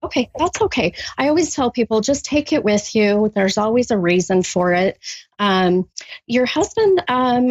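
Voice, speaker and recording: A woman doing a psychic reading for a caller, halting with many ums, then bursting into gushing excitement. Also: mid-range voice, dry recording, lo-fi sound. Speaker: psychic medium. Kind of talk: live spirit reading with a caller.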